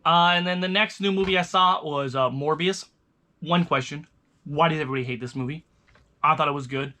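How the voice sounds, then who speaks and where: A young man talks casually to camera, rambling loosely and starting his sentences over. His voice is bright and forward, pitched a little high for a man. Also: fairly quick. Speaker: vlogger reviewing movies. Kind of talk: casual chat.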